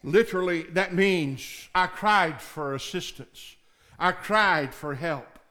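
A male pastor preaching a sermon, dropping to low murmurs and rising to shouted, pleading prayers. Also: takes it slowly.

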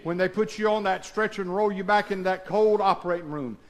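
Preacher man, super high voice, throws questions at the church, goes quiet then yells. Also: a little fast. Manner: rhetorical questions to the congregation, swinging from hushed to shouted. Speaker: pastor. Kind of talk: call-and-response sermon.

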